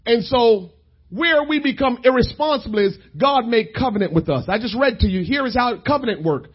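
Man preaching, very high voice, shouting and then quiet. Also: lively intonation, brisk, breathy edge, highs cut off. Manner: shouting, emphatic preaching with sudden drops to quiet asides. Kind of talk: sermon.

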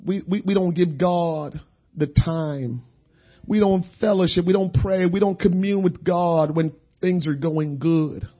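Husky high-voiced preacher man. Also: measured pace, highs cut off. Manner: storytelling, swings from quiet to shouting. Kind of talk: sermon.

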